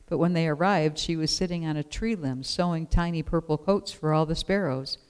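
A storyteller reading a children's picture book aloud in an expressive, measured way. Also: medium pitch, clean tone.

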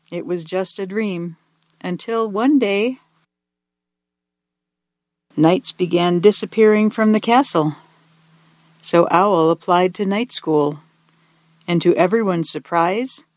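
A gentle storyteller reads a children's picture book aloud in a soft, mid-pitched voice. The delivery is expressive and unhurried, slowing to linger on key words. The sound is dry and close, with no room echo.

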